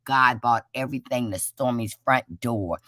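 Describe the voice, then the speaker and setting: A woman's voice: very deep voice, moderate pace, sharp tone, no echo, clean studio sound. A woman speaking fervently as a guest on a live stream, repeating her points like testimony. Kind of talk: casual live-stream chat.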